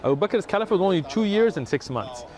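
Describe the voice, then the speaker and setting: An earnest, persuasive man, talking to a stranger outdoors in the city. His voice sits slightly high for a man, and he explains patiently and at length. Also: very animated, quick pace, darkish tone. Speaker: religious outreach volunteer. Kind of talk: street conversation explaining religion.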